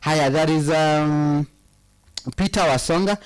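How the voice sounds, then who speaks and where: A Kenyan man hosting a casual chat and reading out viewer comments, mixing Swahili into his English with halting restarts. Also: on the high side, expressive.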